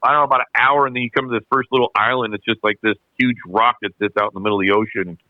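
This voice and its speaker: A man, a podcast guest, telling a racing story in casual, animated, slangy chat, often repeating himself. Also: mid-range voice, rapid-fire, no room sound. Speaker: podcast guest, snowmobile racer. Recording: dull dry podcast audio.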